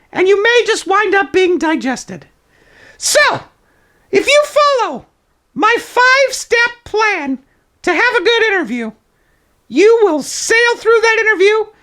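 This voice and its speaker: A man's voice: extremely high pitch, sharp tone, full character voice. A man voicing a zany toilet paper roll puppet who gives over-the-top, mock-authoritative advice in an improvised comedy presentation.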